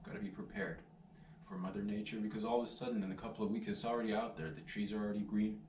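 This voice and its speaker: This man talks fast in a fairly low, slightly mellow voice with fairly even intonation, rambling through a casual storytelling vlog. He's laid-back and keeps saying "dude" and "man." A distant mic gives a roomy sound with faint ambience and a little hiss or hum.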